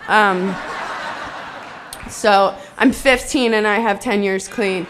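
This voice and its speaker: A woman in her twenties giving an excitable, joking, self-deprecating speech to a live audience at a convention, rambling with fillers. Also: mid-range voice, slow pace, background noise. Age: 20s. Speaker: convention speaker.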